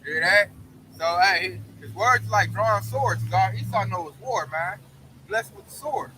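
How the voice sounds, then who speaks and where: A man with a very high, sharply bright voice teaches scripture in a loose, conversational way. He talks with emphatic street slang and keeps tacking "man" onto his points. Faint traffic hums somewhere behind him. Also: a little slow, poor audio. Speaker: Bible study co-teacher. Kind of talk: casual preaching discussion.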